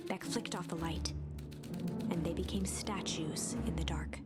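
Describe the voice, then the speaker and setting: A woman voicing a calm game narrator who tells the story in a measured way and sometimes whispers. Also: fairly low pitch, lightly acted. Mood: hushed storytelling. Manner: calm and measured, drops to a whisper in tense moments. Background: loud game music.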